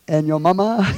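A man with a Texan accent preaching a sermon to his congregation, swinging from quiet asides to loud shouted lines. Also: a little high. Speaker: pastor. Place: church.

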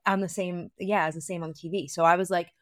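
A woman's voice: on the low side, steady tone, fast talker, fairly bright tone, no echo, studio quality. A woman co-hosting a podcast, talking casually about reality TV, often saying "like" and circling back mid-thought. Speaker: podcast co-host. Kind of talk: casual reality-TV recap chat.

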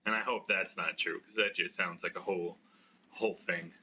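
A man's voice: deep voice, fairly even intonation, moderate pace, bright, forceful tone, highs cut off, slight background noise. An American man co-hosting a podcast, chatting casually and joking about himself, often laughing. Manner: self-deprecating, laughing often. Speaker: podcast co-host. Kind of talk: casual chat.

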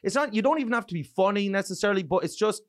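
An Irish man, a comedian, chatting casually and telling profane, animated stories. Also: high-pitched, very fast, dry recording, studio quality. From Ireland. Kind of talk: casual podcast chat.

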